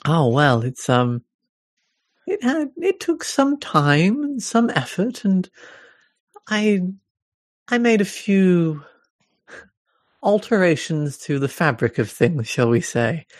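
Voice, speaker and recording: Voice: mid-range voice, very animated, slow, long pauses, dry recording, clean studio sound, voice pushed up. A player doing an eerie smiling park keeper woman. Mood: gently evasive. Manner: soft, smiling, gently persuasive. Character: eerie welcoming woman who runs an abandoned park. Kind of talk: tabletop role-play character voice.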